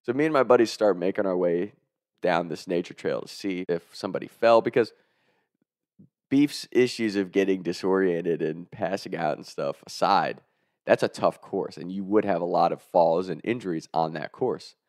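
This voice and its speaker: A man's voice: deep voice, moderate pace, no echo, studio quality. A man casually telling a funny story, chuckling as he goes and swearing freely. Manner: chuckles through the telling, profane, animated.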